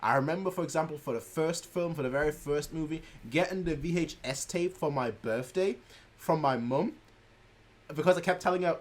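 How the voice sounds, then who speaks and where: A young man hosting a reaction video in a chatty, animated way, laughing often. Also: fairly high pitch, moderate pace. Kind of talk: casual chat.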